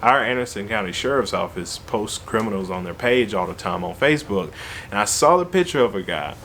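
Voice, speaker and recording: A man tells a story in an animated, slangy, conversational way. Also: fairly low pitch, brisk, a little hiss or hum. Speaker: vlogger. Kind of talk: casual storytelling.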